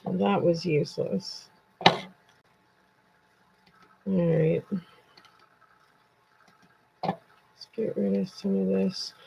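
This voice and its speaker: A woman's voice: medium pitch, steady tone, drawn-out words, vocal fry, long pauses, darkish tone, a little hiss or hum, poor audio. A woman hosting a casual true crime livestream from her computer desk, chatting bluntly with viewers and swearing freely. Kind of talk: casual live-stream chat with viewers.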